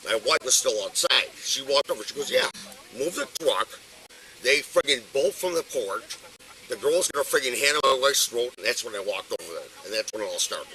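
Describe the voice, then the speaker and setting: A man's voice: medium pitch, expressive, a little fast, bright, forceful tone, slight background noise, rough recording. A middle-aged man from Buffalo with a local accent, drunk and agitated, arguing and swearing at police, recorded on a body-worn camera. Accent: Buffalo, New York. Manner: agitated, swearing, name-dropping. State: intoxicated. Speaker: detained judge. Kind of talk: heated argument with police.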